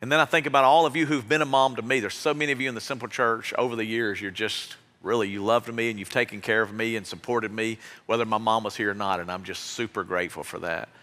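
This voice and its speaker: A man's voice: fairly low pitch, steady tone, fast, hardly any pauses, sharp tone. A man preaching as pastor, giving an earnest, heartfelt exhortation to his congregation in a church. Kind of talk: sermon. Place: church sanctuary. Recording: long reverb of a large hall.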